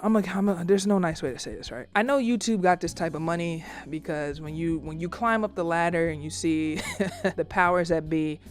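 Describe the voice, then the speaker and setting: A man vlogging casually from a small room with acoustic panels, ranting in a rambling, animated way and slipping into quick exaggerated voices for the people he imagines. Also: fairly high pitch. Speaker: YouTuber. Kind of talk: casual vlog rant to camera.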